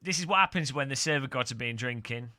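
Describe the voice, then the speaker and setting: Here the streamer talks quickly in a mid-range voice, casually chatting and wandering from topic to topic while he races in a sim and replies to viewers. Game music and engine sounds are loud in the background.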